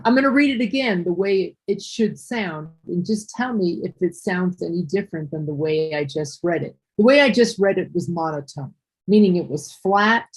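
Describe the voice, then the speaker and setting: In a patient one-on-one online English lesson, a woman with a low-leaning, husky voice explains slowly, with repeats and restarts as she revisits what she said. The audio is poor.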